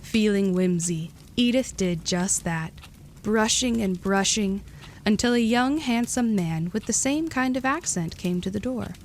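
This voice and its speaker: A woman narrating a gentle storybook tale in a calm, even reading. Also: medium pitch, unhurried, slight background noise.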